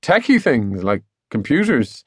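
A man's voice: medium pitch, sing-song, a little slow, breathy edge, dry recording, studio quality. A man voicing a genial, nosy middle-aged father who talks in a hearty, teasing way.

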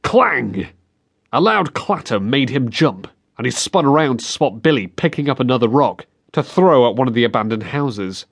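A man reading a novel aloud as an audiobook narrator, in measured, expressive storytelling. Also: mid-range voice, gravelly, husky. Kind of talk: scripted narration. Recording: dry close studio sound.

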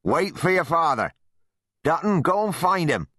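Man doing a loud, urgent villager. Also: a little high, normal speed, dry recording, studio quality, voice pushed up. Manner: shouting urgently.

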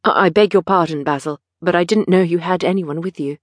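A woman voicing an eager, petulant young gentleman in an audiobook, with lively, pleading delivery. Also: lowish voice, a little fast, dry recording, studio quality, natural voice.

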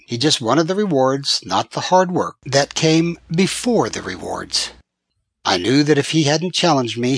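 Husky male audiobook narrator. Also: medium pitch, no echo. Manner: measured, steady storytelling. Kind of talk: scripted first-person narration.

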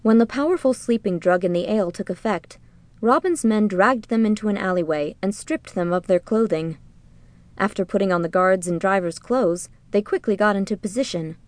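An audiobook narrator, a woman, reads a storybook aloud as scripted narration, keeping her middle-pitched voice measured and even. The recording is close and dry, with no room sound and no echo.

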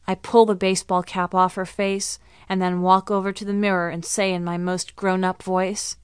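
Woman reading a kids book out loud, eager storyteller, super clear, dry studio sound. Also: mid-range voice, flat delivery, normal speed, few pauses, dry recording. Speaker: audiobook narrator. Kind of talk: first-person children's audiobook narration.

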